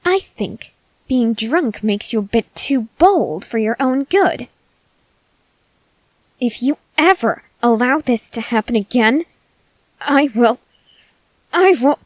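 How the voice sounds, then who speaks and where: A woman voicing an arrogant, unhinged young male cult leader in a whispered role-play, slow and intense, swinging between whispers and sharp outbursts. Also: a little high, no echo, poor audio. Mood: stern. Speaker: ASMR voice actor.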